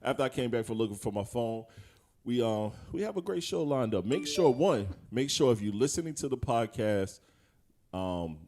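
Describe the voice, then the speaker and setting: A man's voice: mid-range voice, animated, moderate pace, a little mellow, slight background noise. A young man co-hosting a podcast in casual chat, joking and laughing often. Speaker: podcast co-host.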